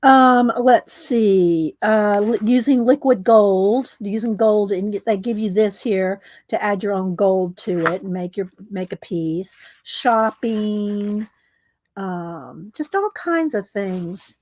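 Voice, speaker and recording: Speaking slowly in a mid-range, somewhat mellow voice, a middle-aged woman does a casual show-and-tell of her craft supplies. Her chat meanders, full of fillers and little asides.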